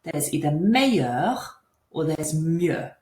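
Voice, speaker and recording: Woman, teacher; lower voice with lively swings; patient, repeats examples; roomy echo. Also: slow pace. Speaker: French teacher. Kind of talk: explanatory language lesson.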